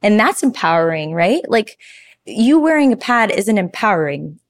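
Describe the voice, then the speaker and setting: A woman, a pilates teacher telling stories as a guest in a casual podcast interview, animated and chatty with many fillers. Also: medium pitch, normal speed. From Toronto, Canada.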